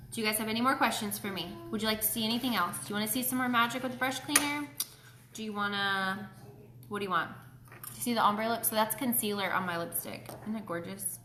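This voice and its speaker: A woman's voice: mid-range voice, quick pace, pushed and bright, a little hiss or hum. A woman hosting a casual live makeup tutorial from home. She chats away and greets viewers by name. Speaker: beauty host. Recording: roomy echo.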